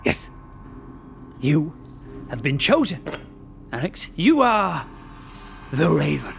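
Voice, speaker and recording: A man's voice: a little high, big pitch swings, slow, creaky, a bit bright, a little hiss or hum, exaggerated voice. An actor playing a pompous man who poses as Edgar Allan Poe with a put-on Southern American drawl and grand theatrical delivery, in a comedic audio drama. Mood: ominous.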